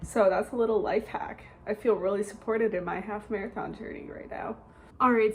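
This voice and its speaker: A woman's voice: mid-range voice, fairly even intonation, normal speed, slight background noise. A young woman from Minnesota in a chatty, joking vlog, poking fun at herself as she talks through her day. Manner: chatty, joking, self-mocking. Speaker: vlogger. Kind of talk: casual vlog chat.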